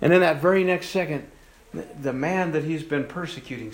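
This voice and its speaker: A male pastor preaching a sermon in a church, swinging between hushed and raised passages and slowing down for emphasis. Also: on the high side, a little hiss or hum. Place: church sanctuary. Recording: echoey church room.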